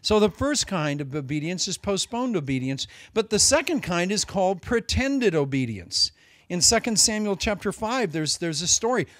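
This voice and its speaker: A man preaches with a fairly high voice, his lines rising to loud emphasis and then dropping to hushed asides. The sound is dry and close, with no room around it. He speaks as a pastor delivering a Sunday sermon. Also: very animated, moderate pace, no echo.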